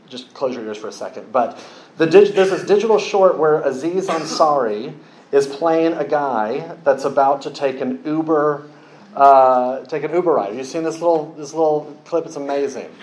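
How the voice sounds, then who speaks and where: A man preaching a sermon, telling a story with lively acted-out quotes. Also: a little high, normal speed, echoey room, low-quality recording. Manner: animated storytelling, acts out quoted voices.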